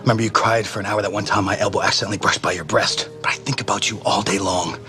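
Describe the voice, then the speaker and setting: A rushed, pleading coach. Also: male voice, lowish voice, steady tone, pushed and bright. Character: awkward male coach pleading with his girlfriend. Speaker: football coach. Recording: TV clip with music under it.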